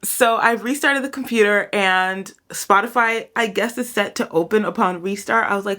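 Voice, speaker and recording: A woman's voice: medium pitch, normal speed, hardly any pauses, pushed and bright. A woman talking casually to her vlog audience from home while she records her own song. She rambles, says "y'all" and "like" a lot, and sounds slightly out of breath at times. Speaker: songwriter and home producer. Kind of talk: casual vlog talk to camera.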